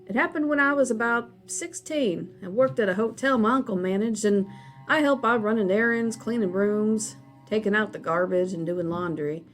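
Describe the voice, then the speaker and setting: Lady reading as a southern trucker man, deep drawl, folksy caller, faint music under it. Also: moderate pace, natural voice. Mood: chatty.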